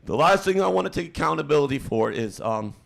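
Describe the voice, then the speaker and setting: A man hosting a livestream stumbles through a mock apology, full of fillers and restarts, in a deadpan, fake-emotional tone. His voice is gravelly and on the high side.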